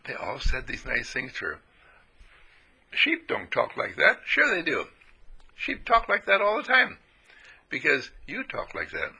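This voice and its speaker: Gravelly, animated male preacher. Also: unhurried, long pauses, low-quality recording. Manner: animated, playful, swoops into high voices for sheep and characters. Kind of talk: folksy spiritual sermon.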